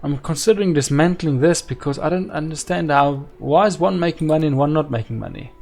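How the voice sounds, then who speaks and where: Gravelly, exasperated strategy-game player. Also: male voice, a little high, brisk, a little mellow, a little hiss or hum. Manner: exasperated, keeps asking aloud why things don't work. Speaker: gameplay video host. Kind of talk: let's-play strategy game commentary.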